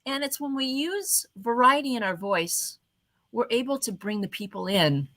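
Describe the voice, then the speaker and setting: A woman hosting an online event and giving a motivational talk on communication, changing her voice often and slowing down on purpose, speaking into a webcam at her computer. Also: a little high. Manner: expressive, varies her voice often, slows down on purpose.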